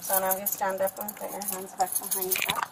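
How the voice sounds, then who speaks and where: A female police officer at a roadside arrest speaks calmly and firmly, explaining procedure. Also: medium pitch, brisk. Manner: calm, firm, procedural. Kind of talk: bodycam arrest footage. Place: roadside traffic stop, outdoors. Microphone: body camera. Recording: noisy bodycam audio.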